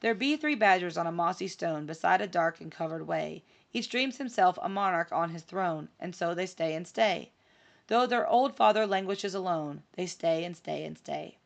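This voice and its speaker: A woman reading rhymed poems aloud in a steady, rhythmic recital. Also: lowish voice, normal speed, vocal fry. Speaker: reader.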